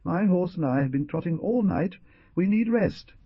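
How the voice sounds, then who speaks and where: A man's voice: sits high, animated, normal speed, breathy edge, no room sound, voice pushed up, heavily acted. A weary, middle-aged farmer who talks firmly and presses his friend along, as a man voices him. His voice sits well above a plain reading tone and swings up and down. It comes through a dull, dry, lo-fi recording. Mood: tired.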